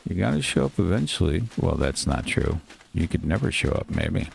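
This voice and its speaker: A man with a very low, gravelly voice narrates his game as he plays, thinking out loud and grumbling when things go wrong. There is a faint hiss of noise under the recording. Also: big pitch swings. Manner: muttering to himself, quick to get frustrated and swear. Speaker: gaming channel host. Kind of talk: casual gameplay commentary.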